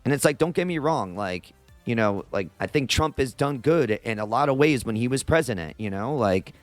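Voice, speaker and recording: A young man hosts a channel, offering casual opinion commentary that sounds exasperated and rambling, full of filler words, especially "like." His medium-pitched voice has lively intonation and normal speed, recorded dry over soft background music.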